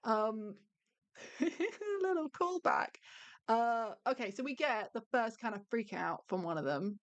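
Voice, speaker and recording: A woman's voice: on the high side, expressive, measured pace, muffled recording. Eager woman podcast co-host recapping. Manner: eager, detail-heavy recapping with many fillers. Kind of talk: casual chat.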